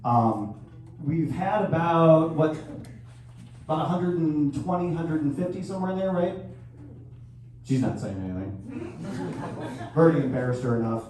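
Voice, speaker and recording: A man in his thirties doing a crude stand-up comedy set with sudden loud outbursts. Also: a little high, expressive, normal speed, pauses often. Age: 30s. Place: live venue hall. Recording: echoey hall from far off, faint noise.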